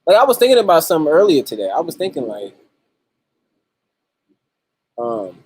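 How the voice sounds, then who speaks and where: A man's voice: on the high side, wildly swooping pitch, moderate pace, a little mellow, breathy edge. A man hosting a livestream in casual, profane chat, greeting viewers by name as they join. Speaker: livestream host.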